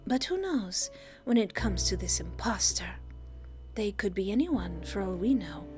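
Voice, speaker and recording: A woman voicing a poised, coolly detached female witch with a put-on French accent and smooth, formal speech. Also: medium pitch, big pitch swings, a little slow. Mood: cool, composed. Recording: background music under the voice.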